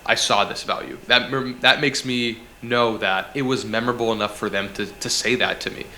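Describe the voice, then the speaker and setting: A man's voice: medium pitch, fairly even intonation, normal speed, pushed and bright, a little hiss or hum. A man, a guest on an interview over a video call, giving direct and casual advice. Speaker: guest, content strategist.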